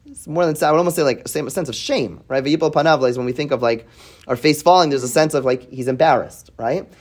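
Speaking quickly in a slightly high voice, a man teaches his students a weekly Bible lesson in a classroom. This Torah teacher translates the Hebrew verses he reads, asks questions, says "right?" often, and thinks aloud by repeating words.

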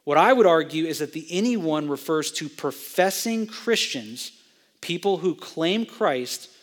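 A man's voice: fairly high pitch, expressive, measured pace. A young man, a pastor preaching an expository sermon to students, teaching line by line and asking his listeners questions. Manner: teacherly, asks the audience questions. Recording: long hall reverb.

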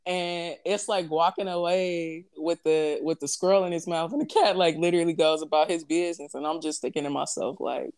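Low-voiced young woman chatting casually. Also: brisk, few pauses, clear, resonant tone. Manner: animated storytelling, frequent fillers. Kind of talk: casual chat.

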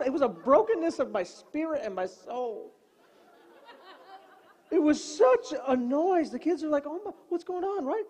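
A middle-aged male pastor preaching a sermon full of comic personal stories, in an animated, joking preacherly way. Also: very high-pitched. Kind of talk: humorous sermon storytelling.

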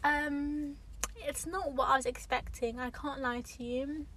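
A woman's voice: high voice, steady tone, measured pace, a bit bright, rough recording. A young woman hosting her own podcast from a parked car, chatting casually and rambling with lots of fillers and self-corrections. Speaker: podcast host. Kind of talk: casual solo podcast chat. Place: parked car in a car park near an airport. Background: faint airplane noise.

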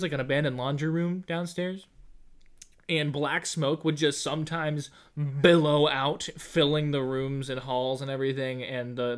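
A young adult co-host of a casual chat podcast, reading from a script but often breaking into giggles. The delivery is animated and full of laughter when telling stories. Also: mid-range voice.

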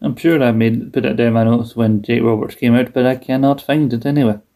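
A man's voice: medium pitch, steady tone, fairly quick, dark tone. A British man in his thirties co-hosting a podcast, talking in a rambling way with many restarts. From United Kingdom. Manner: rambling, hesitant, restarts a lot. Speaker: podcast co-host. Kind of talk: casual chat.

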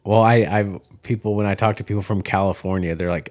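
A man's voice: fairly low pitch, steady tone, fast, a little mellow, dry recording. A man from Kansas with a slight Kansas accent, a guest brewer chatting loosely on a podcast and swearing freely. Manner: loose, swears freely, jumps between thoughts. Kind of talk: casual podcast chat.

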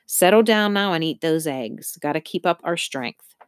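A woman reading the lines of a determined, protective mother in an audiobook, in a firm, low voice. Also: expressive, moderate pace, dry recording, studio quality. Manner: firm, commanding.

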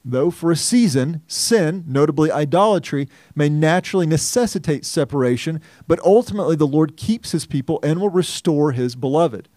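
A man's voice: fairly high pitch, expressive, moderate pace, hardly any pauses, warm tone, no room sound, clean studio sound. A man pastor preaching a sermon, teaching earnestly and reading scripture aloud with feeling.

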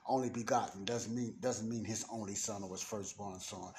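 A man teaching the Bible in an informal sermon, emphatic, slowing down to stress his points. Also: lowish voice, fairly even intonation, darkish tone, a little hiss or hum.

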